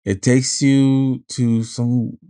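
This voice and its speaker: A man's voice: mid-range voice, level tone, extremely slow, dark tone, clear, resonant tone. A young man co-hosting a podcast, laid-back and teasing, often tacking "man" onto his sentences. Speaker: podcast co-host. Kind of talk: casual chat.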